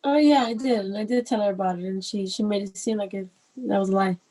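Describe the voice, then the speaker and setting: A woman's voice: medium pitch, steady tone, a little fast, dark tone. A woman guest in a casual chat, easygoing as she tells a story.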